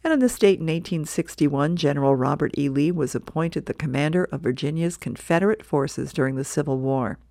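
A volunteer woman reads the newspaper on a radio reading service in a low voice, fairly quick with few pauses. She's relaxed and plain, correcting herself in small ways, on a dry, studio-quality recording.

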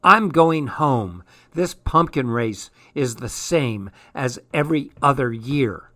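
A man's voice: medium pitch, lively intonation, slow, bright, forceful tone. A man voicing a bored young girl who wants a scare, reading a storybook aloud. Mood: eager.

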